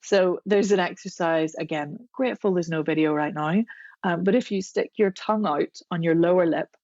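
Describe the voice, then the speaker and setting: A woman voice coach, chatting as a podcast guest and explaining vocal exercises in a demonstrative, unhurried way. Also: lowish voice, a little mellow, dry recording, highs cut off.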